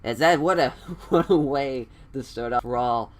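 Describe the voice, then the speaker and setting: Slow, laughing man telling a wrestling story. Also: medium pitch. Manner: laughing often, rambling. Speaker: fantasy wrestling show narrator. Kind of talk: casual storytelling.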